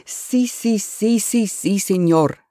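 A woman's voice: medium pitch, slow, mellow, no echo, clean studio sound, voice pushed up, natural voice. A woman voicing an anxious, loyal male servant in a bedtime story, with a Spanish accent, broken English and a pleading manner. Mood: nervous.

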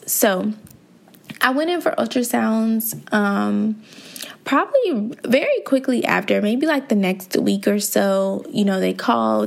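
A woman's voice: mid-range voice, gravelly. A young woman hosting a podcast, candidly telling a personal story in a conversational way and talking straight to her listeners. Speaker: podcast host.

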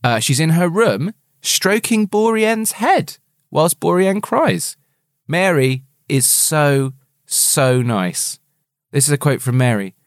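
A man's voice: on the high side, expressive, takes it slowly, no echo, clean studio sound. A man co-hosting a casual book chat, playful and often laughing. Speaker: podcast co-host.

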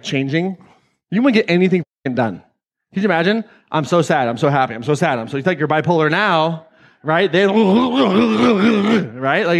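Energetic man giving a live seminar talk. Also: sits high. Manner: energetic, joking, swears freely. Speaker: speaker at a live self-help event. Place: event hall with audience.

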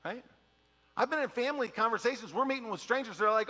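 Middle-aged pastor, high bright voice with gravel, chatty jokey sermon, long church-hall reverb. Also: male voice. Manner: animated, joking, mimics people in quick asides. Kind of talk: conversational sermon.

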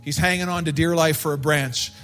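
A man preaching a sermon in a church service, slow and emphatic, and he lifts his voice to stress his points. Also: on the high side, fairly even intonation, fairly bright tone, soft background music. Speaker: pastor.

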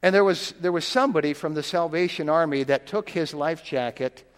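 Folksy preacher man in a reverberant hall. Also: on the high side. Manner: folksy, repeats words, slow scripture reading. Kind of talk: sermon.

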